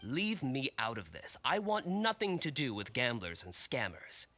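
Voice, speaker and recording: A man's voice: medium pitch, huge pitch swings, measured pace, bright, forceful tone, soft background music, full character voice. An actor voicing a weary, irritated male customer in a game, curt and dismissive. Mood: annoyed.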